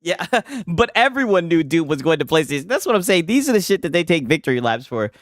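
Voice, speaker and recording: A man teases and mocks in a sarcastic, amused tone. His higher-pitched voice moves in a lively way. The sound is dry and close to the mic. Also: quick pace, no room sound. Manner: teasing, sarcastic, laughs at the other speaker. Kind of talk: mocking commentary.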